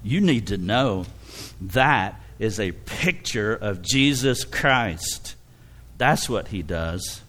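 Middle-aged male pastor, heartfelt sermon, tearful and warm with laughter. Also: lowish voice, animated, takes it slowly. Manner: emotional, tearful storytelling with frequent laughs. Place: church.

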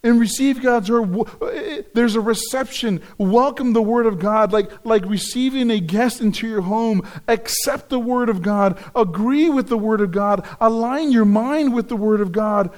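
A man's voice: extremely high pitch, normal speed, hardly any pauses, a little mellow. A man preaching a sermon as pastor, earnest and repeating key phrases for emphasis.

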